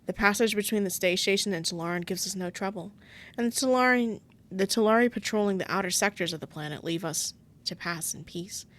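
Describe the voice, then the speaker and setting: A woman's voice: mid-range voice, brisk, a bit bright. A woman with a sore throat, reading a visual novel aloud and breaking off into casual, self-mocking asides. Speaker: game streamer.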